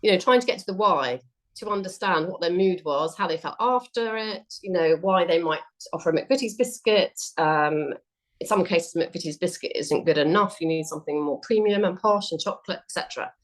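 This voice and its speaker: A woman speaking as an interview guest in a slightly low voice. She talks in a chatty way, dotted with ums, and she often stops to correct herself mid-thought. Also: brisk. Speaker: research guest. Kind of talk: conversational interview.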